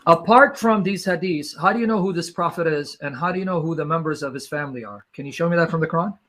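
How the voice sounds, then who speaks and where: Pressing higher-voiced male debater. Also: fairly bright tone. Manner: pressing, repeats questions, slows others down. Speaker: debater questioning guests. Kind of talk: live online debate.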